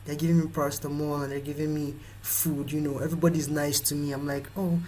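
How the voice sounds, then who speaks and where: A young Nigerian man hosting a motivational live talk, animated and quick to act out the voices of people in his stories. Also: fairly high pitch, slight background noise, rough recording. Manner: animated, acts out quoted voices. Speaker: host.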